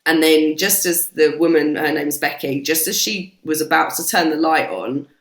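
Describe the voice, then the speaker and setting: A British woman, a podcast guest, telling stories in a casual, animated way and swearing freely. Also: low-pitched, moderate pace. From Britain. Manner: animated, swears freely, acts out quoted voices. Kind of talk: casual storytelling chat. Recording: roomy echo.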